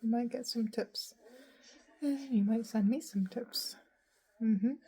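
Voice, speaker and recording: A parrot owner talks casually to her pet birds in her living room, drifting into sing-song baby talk. Her voice is a little high and slow, with a dark tone and a breathy edge.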